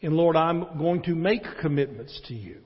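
Man preaching, husky voice, long church reverb, swings loud and quiet. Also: moderate pace, muffled recording. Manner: swings from loud emphatic peaks to low quiet stretches. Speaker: pastor. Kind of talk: sermon. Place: church sanctuary.

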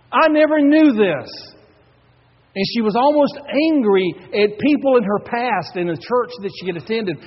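Texan preacher in an echoey church. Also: male voice, on the high side, slightly rough. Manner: emphatic storytelling preacher, swings from loud to hushed. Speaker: pastor. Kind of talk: sermon. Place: church sanctuary. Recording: echoey hall, dull lo-fi audio.

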